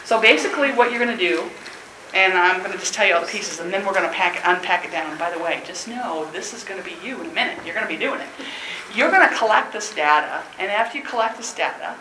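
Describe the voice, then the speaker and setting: Woman workshop leader, lively and chatty, echoey room, noisy background. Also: medium pitch, fast talker. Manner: energetic, chatty, laughs often. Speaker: teacher trainer. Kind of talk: workshop presentation.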